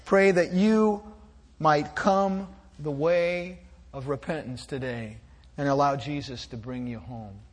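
A male pastor preaching a sermon in a gentle, reflective way, with small restarts as he speaks. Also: fairly high pitch, slow pace.

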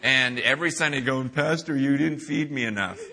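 A middle-aged man preaching a sermon, telling a story with acted-out quotes that swing from hushed to shouting. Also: mid-range voice, moderate pace, a little hiss or hum. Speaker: pastor.

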